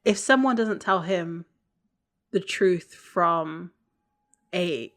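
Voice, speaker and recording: Podcast co-host, woman with a slightly low voice, thoughtful, circles her point before landing it. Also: drawn-out words, a bit bright. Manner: thoughtful, rambling, trails off mid-sentence. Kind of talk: casual chat discussing a TV episode.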